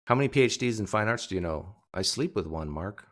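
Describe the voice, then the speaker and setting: A man with a fairly low, lively voice hosts a livestream, chatting casually with viewers. He cracks rambling jokes and tosses in quick asides.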